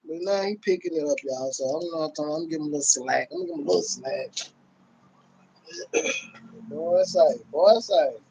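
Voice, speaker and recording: A man's voice: fairly high pitch, moderate pace, vocal fry, long pauses, darkish tone, highs cut off, a little hiss or hum. A man chatting loosely and calling out to his viewers on a home livestream. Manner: laid-back, loose talk, calls out to viewers constantly. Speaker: livestream host. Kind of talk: casual livestream chat.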